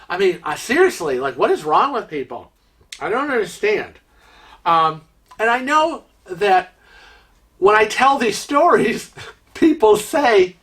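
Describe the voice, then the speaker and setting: Bright-voiced man ranting exasperatedly. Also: high voice, lively intonation, unhurried. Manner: frequent fillers and restarts. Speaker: cruise vlog host. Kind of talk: storytelling monologue.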